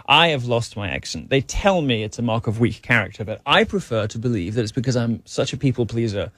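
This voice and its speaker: A man's voice: medium pitch, animated, a little fast, fairly bright tone, no echo. A man from England with a received-pronunciation accent, a guest on a talk show, speaking in an arch, wry, theatrical way with plenty of fillers. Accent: English received pronunciation. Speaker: guest commentator. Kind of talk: casual talk-show interview.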